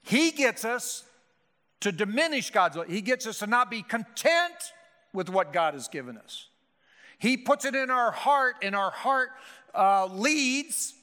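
A man's voice: extremely high pitch, sing-song, slow, pushed and bright. A male pastor preaching a sermon with emphatic, rhetorical delivery and frequent restarts. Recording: hall reverb.

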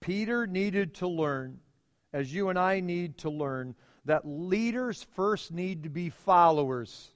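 High-voiced man preaching in a reverberant church. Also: animated. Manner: emphatic preaching with dramatic pauses and repeated phrases. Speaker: pastor. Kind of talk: sermon.

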